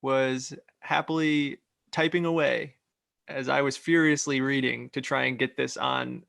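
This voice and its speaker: A man, the writer of the script, chatting casually about it with a gravelly voice. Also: medium pitch, fairly even intonation, unhurried, fairly bright tone, dry recording, clean studio sound. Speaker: screenwriter. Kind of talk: casual chat.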